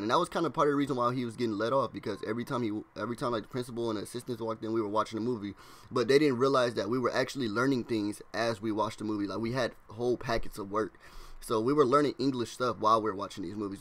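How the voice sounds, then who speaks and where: A young man casually tells his vlog audience a story, rambling in slang, saying "like" constantly, and doing quick impressions of his classmates' lines. His voice is medium-pitched and fairly bright.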